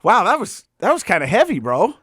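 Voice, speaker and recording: A man's voice: sits high, huge pitch swings, a little fast, a bit bright, husky, no echo, studio quality. An American man hosting a podcast, chatting and telling stories in a heartfelt way, often repeating words as he starts his sentences. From United States. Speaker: podcast host. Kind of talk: casual chat and storytelling.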